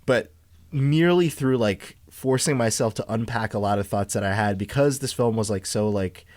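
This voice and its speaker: A man's voice: lowish voice, normal speed, darkish tone, dry recording, studio quality. A man co-hosting a podcast, talking through a film in casual chat, rambling and full of fillers and restarts. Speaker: podcast co-host.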